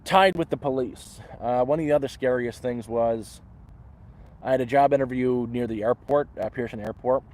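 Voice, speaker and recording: A mid-range, slightly mellow voice at normal speed belongs to a Canadian man doing a live vlog in the woods. A rambly storyteller, he keeps restarting and acts out the voices he quotes.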